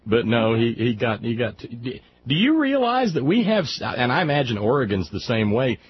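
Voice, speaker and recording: A man's voice: mid-range voice, big pitch swings, moderate pace. A man in casual political chat, wry and articulate, stammering through restarts. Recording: dull lo-fi audio with faint hiss.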